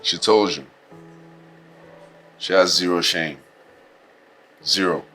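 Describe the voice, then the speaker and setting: A proud, quick-tempered Nigerian man argues back with scorn. His voice is low and husky, and his tone stays indignant. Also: bright, forceful tone, soft background music, heavily acted. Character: proud defensive man, quick to anger, dismissive of his fiancée. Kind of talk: film drama acting.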